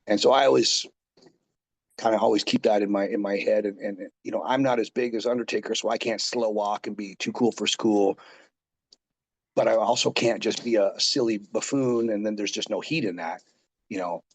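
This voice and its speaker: Wrestler-coach, 40s, low and husky, rambling easygoing storyteller. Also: male voice, steady tone, normal speed. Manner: rambling, loose, full of fillers and asides. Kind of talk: casual interview storytelling.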